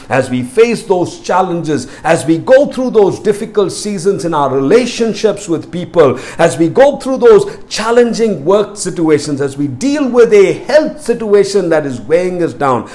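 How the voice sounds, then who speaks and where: A man's voice: on the high side, darkish tone. Emphatic male preacher. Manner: emphatic, repetitive, building in intensity. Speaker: pastor. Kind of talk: sermon.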